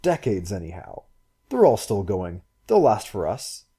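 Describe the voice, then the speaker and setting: A polite young man who is easily astonished, voiced by a male narrator close to his own low register. He sounds courteous and bewildered. His tone is dark and husky. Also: very animated, unhurried, heavily acted.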